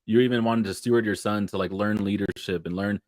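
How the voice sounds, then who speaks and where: Enthusiastic low-voiced event host. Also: male voice, fairly even intonation, brisk, a little mellow, dry recording, studio quality. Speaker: livestream host. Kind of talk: hyping up an online event.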